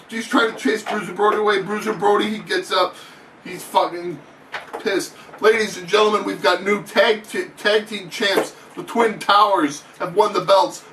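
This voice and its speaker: A man doing excitable, profane mock wrestling play-by-play commentary in an announcer's patter. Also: high-pitched, far from the mic. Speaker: channel host. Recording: echoey room, off-mic, faint noise.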